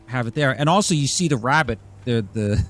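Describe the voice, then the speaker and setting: A male VTuber chatting loosely through a gaming livestream. His voice sits at an ordinary mid pitch, and he rambles from thought to thought, dropping casual profanity as he goes. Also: lively intonation, fairly quick, faint music behind. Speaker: VTuber streamer.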